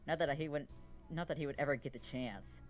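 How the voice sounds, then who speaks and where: A man's voice: on the high side, a little fast, highs cut off, faint music behind, close to an everyday voice. A man voicing a haughty, short-tempered schoolgirl with a British accent, reading aloud from a visual novel game. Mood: indignant. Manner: prim, snapping into insults.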